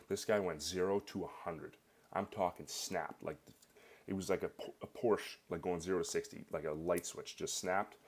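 A man's voice: sits low, brisk. A young Canadian man with a Canadian accent telling a personal story in a rambling, casual way, full of fillers. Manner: rambling, filler-heavy, animated.

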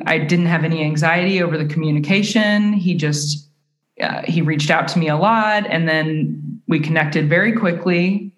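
Earnest, lower-voiced woman guest. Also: reverberant. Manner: earnest, rambling, many fillers. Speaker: podcast guest. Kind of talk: casual chat.

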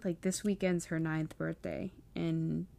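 A woman's voice: sits low, little pitch movement, unhurried, gravelly, mellow. A young woman vlogging casually about leaving home, emotional and close to tears, with many fillers. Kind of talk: casual personal vlog.

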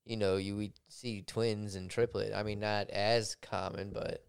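A man's voice: fairly low pitch, little pitch movement, unhurried, creaky, clean tone. A man co-hosting a podcast, bantering and swearing often in casual chat. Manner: crude, bantering, swears a lot. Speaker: podcast co-host.

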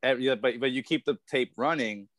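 A man co-hosting a podcast in casual chat, explaining things at length and breaking into excited laughter. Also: a little fast, dry recording. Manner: laughing, bursts into high excited yelps. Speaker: podcast co-host.

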